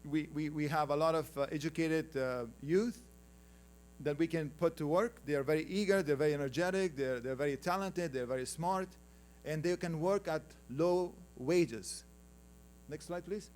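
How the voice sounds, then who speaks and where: A man from Afghanistan, with an Afghan accent and a slightly high, darkish voice at normal speed, is a conference panel speaker. He talks through his slides conversationally, teasing and joking with the audience while requesting the next slides.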